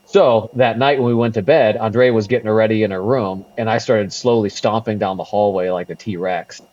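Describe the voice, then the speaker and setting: A man's voice: lowish voice, fairly even intonation, brisk, a little mellow, dull audio. A man in his thirties co-hosting a casual podcast, laughing often and stammering through restarts. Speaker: podcast co-host. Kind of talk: casual chat. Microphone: remote call mic.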